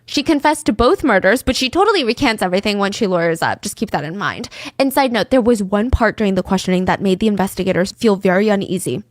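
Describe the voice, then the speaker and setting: A woman's voice: mid-range voice, lively intonation, fast talker, few pauses, no echo, studio quality. A woman hosting a podcast, telling a true-crime story in a casual, chatty way and dropping into whispers for suspense. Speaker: podcast host.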